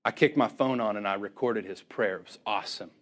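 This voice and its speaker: A man preaching through a story, animated and acting out both sides of each conversation, laughing often as he tells it. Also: lowish voice, a little fast. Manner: laughs often while telling. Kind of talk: storytelling sermon.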